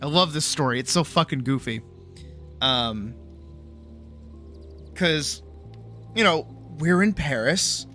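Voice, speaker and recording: A man from Boston, a streamer telling a goofy travel story in a casual, animated way, swearing freely. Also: on the high side, slow pace, pauses often, faint music behind. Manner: animated, swears, laughs often.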